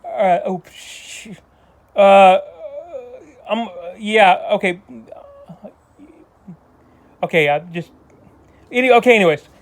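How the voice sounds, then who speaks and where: A man with a fairly high voice talks through a casual movie review. He rambles, trips over his words and restarts his sentences often, drifting into loose asides as he goes. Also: takes it slowly, pauses often. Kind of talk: casual spoken film review.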